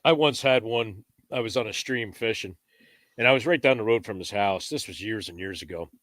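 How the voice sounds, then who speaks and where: A man's voice: on the low side, fairly quick, fairly bright tone, no echo. Teasing male podcast host, dry sound. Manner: teasing, storytelling. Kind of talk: joking casual chat and anecdote.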